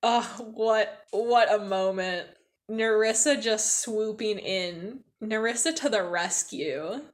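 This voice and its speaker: A woman's voice: mid-range voice, slow. A woman co-hosting a podcast, recapping and discussing book chapters in a casual, chatty way with lots of "like" and frequent laughter. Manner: chatty, heavy use of "like", laughs often. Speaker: podcast co-host.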